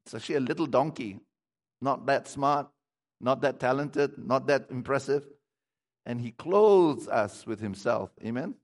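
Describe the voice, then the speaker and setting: A male pastor delivers a sermon in a church, reading scripture aloud and stopping to comment to his congregation. His voice sits at an ordinary pitch for a man. It rings out with a long hall reverb. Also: expressive, measured pace. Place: church sanctuary.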